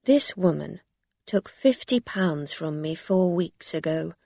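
A woman voicing a shrewd, determined woman who calmly confronts a swindler. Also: fairly low pitch, takes it slowly, gravelly, no room sound, clean studio sound, exaggerated voice. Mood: firm.

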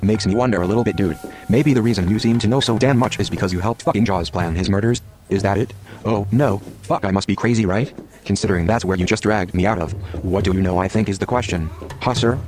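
A foul-mouthed, paranoid young hothead, played by a man, firing off angry rants at a quick clip. His voice sits a little low. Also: background noise, close to an everyday voice. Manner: aggressive, swearing rant.

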